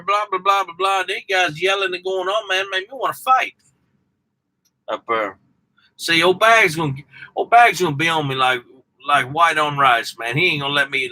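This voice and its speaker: A man's voice: on the high side, pushed and bright, low-quality recording. A man with a Southern US accent, a truck driver chatting casually and rambling to his viewers by name. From Southern United States. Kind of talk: casual live chat with viewers.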